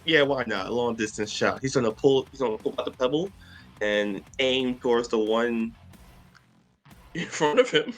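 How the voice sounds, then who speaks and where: A man playing a tabletop game, hesitant with many fillers and quick to laugh. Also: mid-range voice, expressive, faint music behind. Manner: hesitant, many ums, giggly. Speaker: player. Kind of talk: casual tabletop play.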